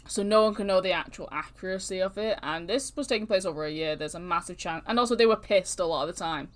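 A woman hosting a podcast, telling stories in casual, animated chat with plenty of swearing. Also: lowish voice, fast. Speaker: podcast host.

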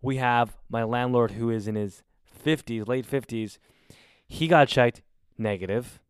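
A man in his twenties telling a story casually, in an animated and exasperated way with plenty of swearing. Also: mid-range voice, measured pace, clean tone, no room sound, studio quality. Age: 20s. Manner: animated, profane, exasperated retelling. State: recovering from covid.

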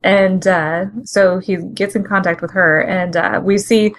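A woman's voice: on the low side, unhurried. A woman co-hosting a podcast, chatting casually and animatedly as she recaps a comic book. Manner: chatty and animated, with frequent fillers and laughter. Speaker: podcast co-host.

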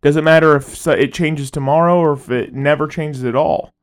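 A man's voice: on the high side, steady tone, moderate pace. Rambling, profane young-sounding man on a podcast. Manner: rambling, profane, laughs often. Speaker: podcast co-host. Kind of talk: casual chat.

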